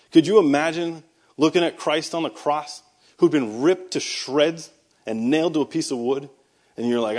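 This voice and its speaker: With a slightly high, darkish voice, an American man who is a Christian speaker and army veteran shares his testimony from the pulpit. He narrates in a conversational way, throwing in sarcastic comments and emphatic bursts.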